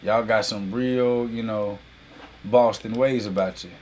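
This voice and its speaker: A man opens a live online class with easygoing chatter. He ribs viewers in the chat and builds excitement for the lesson in a relaxed, animated delivery that keeps slipping into friendly teasing. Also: on the low side, unhurried, a little hiss or hum. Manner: playful teasing banter with chat; animated hype, heavy use of y'all. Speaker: host and business coach. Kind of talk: casual livestream class intro.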